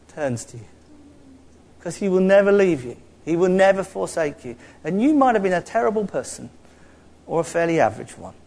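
A man preaching a lively, jokey sermon to a church. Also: sits high. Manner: animated, jokey preaching with mocking put-on voices.

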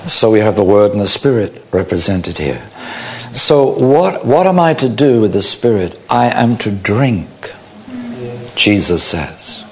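A man preaches in a low, unhurried voice and lingers over each phrase. He acts out little imagined quotes to make his point. A faint hum of background noise sits under his voice. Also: very animated. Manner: slow, illustrative, acts out mock quotes. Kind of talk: sermon.

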